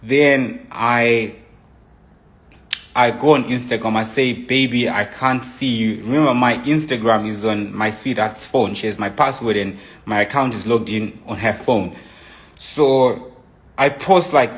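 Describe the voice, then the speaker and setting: A young man giving an emotional personal account, animated, acting out his own messages as he retells them. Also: medium pitch, measured pace. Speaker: storyteller.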